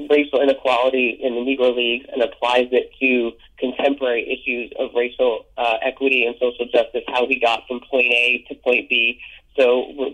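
Enthusiastic man with halting restarts. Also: mid-range voice, a bit bright, poor audio. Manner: enthusiastic, stumbles and repeats words. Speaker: museum educator and guest. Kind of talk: casual interview.

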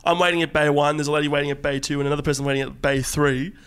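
A young man co-hosting a comedy podcast, telling stories in a casual, animated way that builds in excitement. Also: fairly high pitch, racing, smooth. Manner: animated storytelling, rising excitement. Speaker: podcast co-host.

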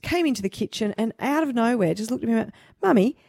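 Australian woman, radio co-host, animated, teasing, slightly high, gravelly, dry studio. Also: no room sound. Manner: animated, teasing, quick to laugh. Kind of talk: casual radio banter.

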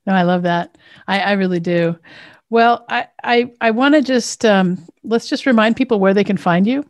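A woman's voice: mid-range voice, normal speed, no room sound. A woman hosting a podcast interview, giving brief encouraging replies and an upbeat sign-off. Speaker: podcast host. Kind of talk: casual interview chat.

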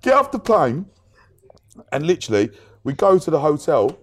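Chatty man telling a story, fairly high voice with big swings, acts out the quotes. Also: moderate pace. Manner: animated storyteller, acts out quotes, laughs often. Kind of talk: casual chat.

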